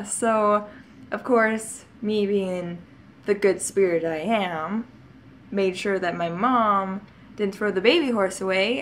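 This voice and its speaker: A woman's voice: mid-range voice, a little hiss or hum. Giggly, rambling woman vlogger. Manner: rambling, giggly, full of asides and laughs. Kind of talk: casual storytelling to camera.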